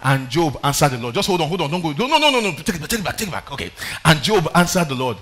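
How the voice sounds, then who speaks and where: A man's voice: fairly high pitch, very animated, racing, a bit bright. A man preaching a sermon, reading scripture aloud with dramatic emphasis and calling out for the next verse. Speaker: pastor.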